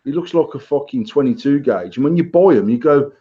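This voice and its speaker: Man with a lively voice on a dull, lo-fi mic; blunt and sweary, a gear-talking co-host. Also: mid-range voice, a little fast. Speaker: co-host of a vaping podcast. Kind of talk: casual banter. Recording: dull lo-fi sound.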